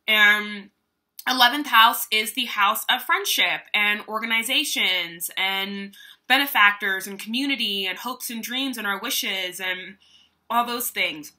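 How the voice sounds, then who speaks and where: A woman's voice: a little high, bright, forceful tone. A young woman doing a casual, chatty tarot reading, talking in a meandering way with lots of fillers. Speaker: tarot reader.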